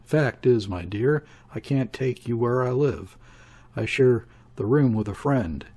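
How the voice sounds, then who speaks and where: Man voicing a jittery startled man, anxious questions, dark husky voice, audiobook. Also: mid-range voice, expressive, unhurried. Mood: soothing. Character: nervous, startled man, easily shaken. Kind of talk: audiobook character reading.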